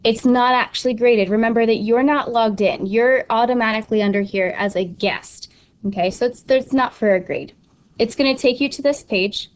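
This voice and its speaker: Her voice runs on the high side at a moderate pace. A young Spanish teacher, she records her screen while casually explaining an online study tool step by step, frequently restarting and using ums.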